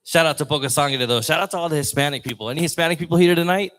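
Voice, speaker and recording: A man's voice: on the high side, racing, fairly bright tone. A man doing a loose, rambling stand-up set on a lounge stage mic. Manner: rambling, loose, chatty delivery. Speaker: open mic comedian.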